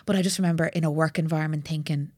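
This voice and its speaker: Fast-talking husky woman makeup artist. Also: deep voice, dry recording. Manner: animated storyteller, swears freely. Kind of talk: casual podcast chat.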